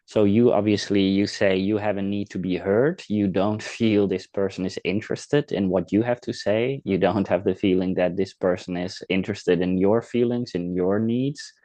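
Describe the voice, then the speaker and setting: Podcast host, male, low and measured, reflective advice, dry sound. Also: no echo. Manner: calm, reflective, acts out example dialogue. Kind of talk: casual advice talk.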